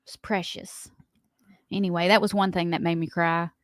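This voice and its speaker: A woman's voice: lowish voice, little pitch movement, moderate pace, no echo, studio quality. Chatty Southern woman radio co-host. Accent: Southern American. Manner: chatty storyteller, laughs often. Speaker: radio morning show co-host. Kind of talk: casual radio banter.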